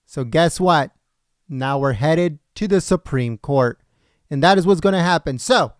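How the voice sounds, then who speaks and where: A man hosting a political livestream speaks to his viewers in an earnest, chatty way. His voice sits fairly high and comes through smooth and clear. After hours on air it sounds a little worn, and the close mic leaves it dry. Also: no echo. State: tired voice after a long stream. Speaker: livestream political commentary host. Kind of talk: casual livestream sign-off.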